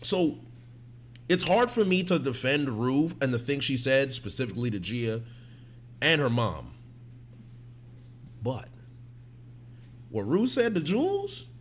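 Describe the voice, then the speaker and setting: A man giving emphatic, casual reaction commentary on a TV episode. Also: a little high. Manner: animated and emphatic, often slipping into mocking impressions.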